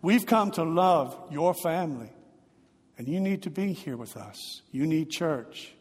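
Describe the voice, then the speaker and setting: A man voicing a comforting mother within a sermon, speaking softly but firmly. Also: a little high, expressive, a little slow, slightly rough, big-room sound. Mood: gentle firm. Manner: soft but firm.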